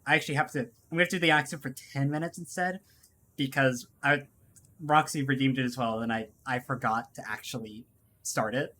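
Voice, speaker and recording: A woman's voice: a bass voice, steady tone, a little fast, fairly bright tone, slight background noise. A woman streaming a video game, chatting casually and rambling with lots of fillers. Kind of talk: casual gameplay commentary.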